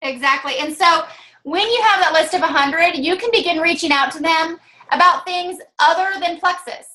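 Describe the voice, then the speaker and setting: A woman's voice: high-pitched, sharp tone. A woman with a Southern US accent, co-hosting a casual chat and explaining things step by step in an upbeat, coaching way. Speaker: co-host.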